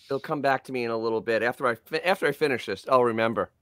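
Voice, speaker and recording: A man co-hosting a podcast, playful and quick to laugh in casual chat. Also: mid-range voice, fairly bright tone, clean tone, no echo. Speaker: podcast co-host.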